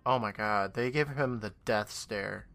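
A man's voice: on the low side, measured pace, creaky, a bit bright, faint music behind. A man co-hosting a podcast, joking and sarcastic in casual chat, often swearing. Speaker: podcast co-host.

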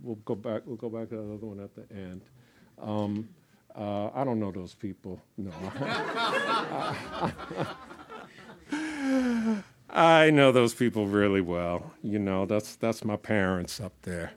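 A man from Boston, a storyteller chatting casually to a live audience in a rambling, halting way with lots of fillers and restarts. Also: fairly low pitch, expressive, crowd noise. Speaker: storyteller, performer.

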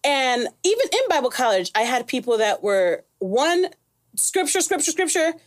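A woman's voice: high-pitched, moderate pace. A woman hosting a casual interview, telling stories animatedly and laughing often. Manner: animated storyteller who acts out quoted voices, laughs often. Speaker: host.

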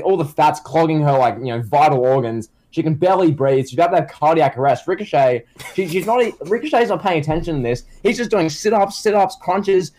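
A male podcast co-host with a slightly higher-than-average voice. He tells loose, rambling stories packed with "like" and false starts, in a casual, joking way. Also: a little mellow. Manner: rambling, filler-heavy storytelling. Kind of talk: casual comedic podcast chat.

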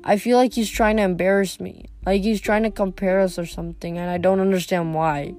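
A woman voicing a worried teenage boy, speaking quietly and subdued. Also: medium pitch, steady tone, brisk, faint music behind, lightly acted.

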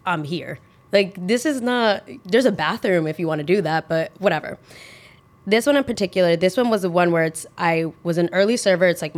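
Young female podcast host, casual and sarcastic, slightly low-pitched, tangent-prone storyteller. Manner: chatty, ranting, sarcastic asides.

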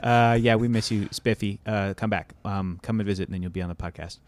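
A young adult man hosting a podcast in casual, halting chat with frequent restarts. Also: fairly low pitch, fairly even intonation, slight background noise. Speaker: podcast host.

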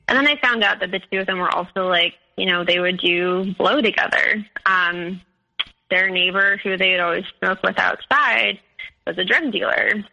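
A woman tells her own story as a podcast guest. She talks hesitantly, with lots of ums and likes. Her voice is bright and edged, with plenty of creaky fry at the ends of phrases. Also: medium pitch, rough recording. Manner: hesitant, full of "um" and "like". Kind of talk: recounting a personal story.

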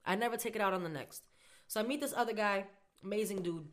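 Young woman, casual storytelling chat, slangy, animated, mid-range voice, acts out dialogue. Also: medium pitch, quick pace. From Boston area. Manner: animated, slangy, acts out both sides of conversations. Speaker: podcast co-host.

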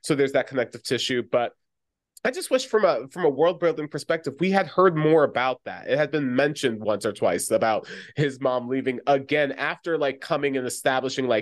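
A man co-hosting a casual podcast chat, recapping and acting out scenes with quick, lively quoting. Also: medium pitch. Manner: animated, acts out quotes in lively voices. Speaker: podcast co-host.

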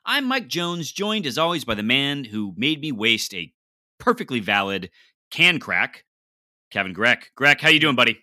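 Bright, lively young male podcast host. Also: mid-range voice, no echo, studio quality. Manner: upbeat, quick announcer-like delivery. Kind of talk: casual sports podcast chat.

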